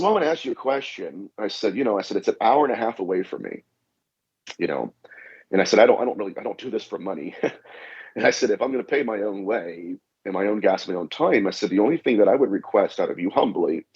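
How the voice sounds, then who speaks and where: A man's voice: on the low side, animated, quick pace, darkish tone, slightly rough. A man, a guest demonologist, telling anecdotes in a podcast interview and acting out the dialogue with repeated "I said". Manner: anecdotal, acts out dialogue, frequent "I said". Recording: dull lo-fi audio.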